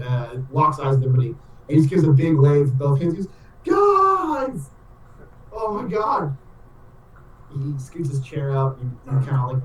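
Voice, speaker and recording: A man's voice: mid-range voice, mellow, a little hiss or hum. A man narrating a tabletop game as game master, in a loose, rambling way full of filler words. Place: room on a live stream. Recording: roomy echo, mic at a distance.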